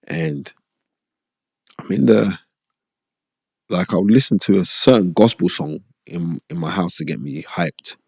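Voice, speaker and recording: A man's voice: low voice, animated, a little slow, creaky, pauses often, a little mellow, husky, no echo, studio quality. A middle-aged man, a former boxer, telling stories in a casual interview and checking in with frequent "you know what I mean?" asides. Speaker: former boxer, podcast guest.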